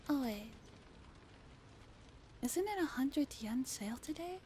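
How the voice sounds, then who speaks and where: A soft-spoken woman reading a story aloud for a stream, often dropping to a whisper. Her voice is fairly high but mellow, and she takes her time. A faint hiss sits behind it. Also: lively intonation, slow pace. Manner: slips into whispers, chats with viewers.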